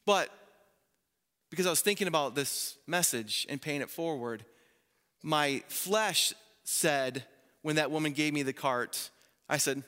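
Male pastor, 30s, bright and slightly high voice, animated sermon storytelling, long church-hall reverb. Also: unhurried, pauses often. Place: church sanctuary.

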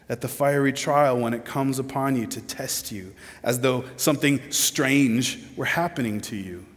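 A male pastor delivering a sermon in an earnest, pleading manner. His voice sits in a middle register and moves between quiet, low stretches and loud, impassioned ones. The sound carries the long reverb of a large hall.

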